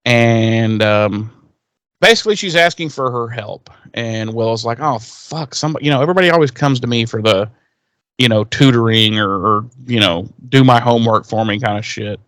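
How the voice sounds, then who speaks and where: A man's voice: medium pitch, moderate pace, a bit bright, clear, resonant tone, no room sound. A man co-hosting a podcast, casually recapping an episode and acting out the characters' lines in a raised, swearing voice. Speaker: podcast co-host.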